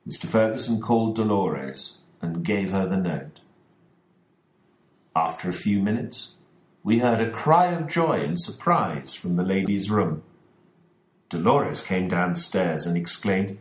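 A man narrating a story aloud in a slow, deliberate reading. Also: sits low, animated. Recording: echoey room.

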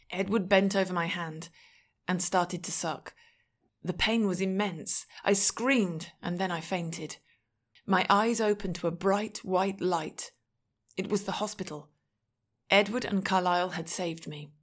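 Clear woman reading a story aloud. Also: fairly low pitch, steady tone, measured pace. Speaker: audiobook reader. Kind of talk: scripted first-person narration.

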